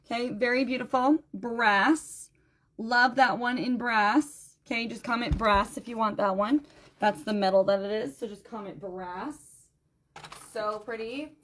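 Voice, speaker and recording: A tired, low-energy woman chatting through a live-stream jewelry sale, greeting viewers by name and repeating item numbers. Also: normal speed, a little hiss or hum. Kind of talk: live-stream sales chat.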